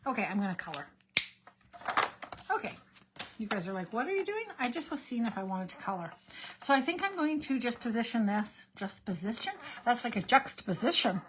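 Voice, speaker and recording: A woman's voice: mid-range voice, background noise. A middle-aged woman, hosting a card-making video in a casual, rambling way from her craft room at home, chatting straight to her viewers. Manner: rambling, self-interrupting, talks to viewers.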